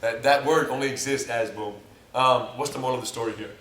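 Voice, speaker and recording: A man who teaches jiu-jitsu and co-hosts, bantering casually with quick interjections and joking asides. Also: medium pitch, fairly even intonation, a bit bright. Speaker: jiu-jitsu instructor and co-host. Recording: roomy and distant mic, faint hiss.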